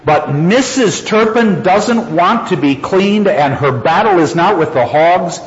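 Male lecturer, high voice, chuckles and repeats lines for emphasis; long hall reverb, dull recording. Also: animated, measured pace. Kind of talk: lecture reading from a story. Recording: echoey hall, dull lo-fi sound.

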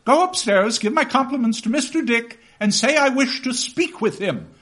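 A man voicing a stern, eccentric old aunt who barks brusque orders in a sharp, shrill voice. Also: expressive, normal speed, full character voice. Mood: commanding. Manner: barking orders.

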